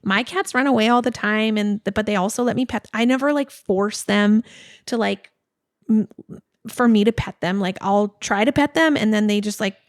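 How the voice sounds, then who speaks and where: A woman in her forties, co-hosting a podcast and telling a story in a casual, animated way full of "like.". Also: mid-range voice, moderate pace, no room sound, studio quality. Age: 40s. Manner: animated storytelling, many "like" fillers. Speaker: podcast co-host. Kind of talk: casual chat.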